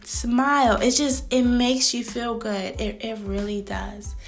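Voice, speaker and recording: A woman in her thirties talks through a faith-based podcast in a voice pitched a little high. She has soft music playing under her. She is lively and preachy and keeps calling the listener sis. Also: slow pace. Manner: animated, frequent laughs, acts out greetings. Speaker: podcast host.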